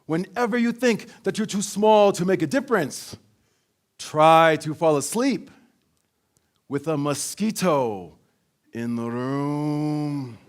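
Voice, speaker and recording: A man voicing his stern, wise father from Leone, speaking slowly and emphatically as if preaching. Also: a little high, animated, voice pushed up. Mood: booming, preaching. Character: wise stern African father, booming and proud.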